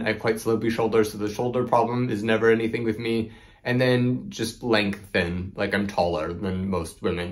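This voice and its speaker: A young man hosting a knitting video, chatting casually to camera with lots of "like" and "um". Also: lowish voice. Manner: chatty, rambling, frequent "like" and "um". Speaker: knitting podcast host.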